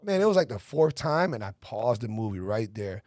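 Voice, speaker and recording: A man hosting a podcast, telling stories in a profane, animated way during casual chat. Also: on the low side, a little fast, a crowd in the background. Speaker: podcast host.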